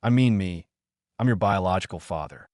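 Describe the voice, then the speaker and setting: A man voicing a secretive middle-aged father who pleads earnestly, read in a dry, lowish voice. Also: moderate pace, a little mellow, no echo, close to an everyday voice. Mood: pleading.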